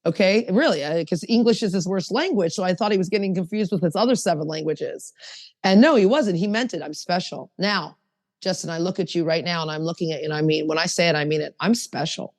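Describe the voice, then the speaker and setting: Woman, podcast co-host, animated storyteller, dry mic with a long reverb tail. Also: fairly low pitch, fast talker. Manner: animated storytelling with acted quotes. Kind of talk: casual recovery podcast talk.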